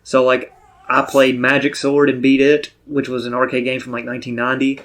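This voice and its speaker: A man's voice: medium pitch, monotone, a little fast, fairly bright tone. A man co-hosting a podcast in casual chat, chatty and teasing. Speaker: podcast co-host.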